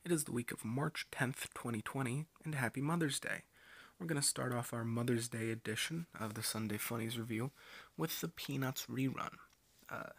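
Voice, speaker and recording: A man with a gravelly, fry-edged voice at an ordinary middle pitch hosts a laid-back review. He talks in a dry, offhand way and pauses often between thoughts. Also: fairly bright tone, dry recording. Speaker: host reviewing comic strips. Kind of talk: casual review monologue.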